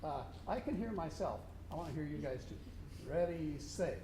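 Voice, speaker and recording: A man's voice: on the high side, expressive, brisk. A man working as a contest judge, coaching a student band and singing rhythms aloud to show them. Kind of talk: instructional clinic to a student band. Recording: echoey room with faint noise.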